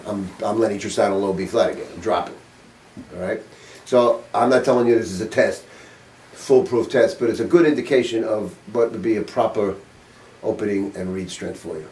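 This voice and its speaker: In a music studio, an older man leads a saxophone master class, informal and blunt, firing questions at his students with casual swearing. He speaks on the low side at a moderate pace, with a slightly mellow tone. The recording sounds roomy, picked up by a distant mic.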